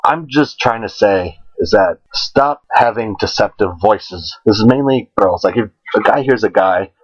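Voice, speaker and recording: Low-voiced young man rambling crudely. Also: a little slow, no echo, muffled recording. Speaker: podcast co-host. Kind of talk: casual chat.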